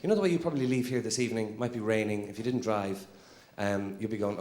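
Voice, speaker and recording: A man's voice: fairly low pitch, fast talker, darkish tone. Stand-up man in a roomy venue. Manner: conversational storytelling, mimics people. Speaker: stand-up comedian. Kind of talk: stand-up comedy.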